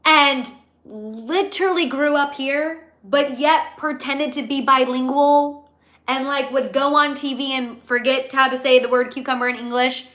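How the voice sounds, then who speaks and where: A young woman hosting a casual celebrity gossip livestream, animated and gossipy, reading out viewer comments. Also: high-pitched, a little slow. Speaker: gossip show host.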